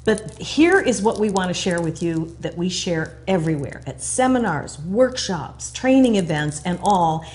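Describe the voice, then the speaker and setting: A woman's voice: lowish voice, expressive, unhurried, hardly any pauses, a little mellow. A woman co-hosting a talk show, prompting her guest in a conversational way. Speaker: co-host.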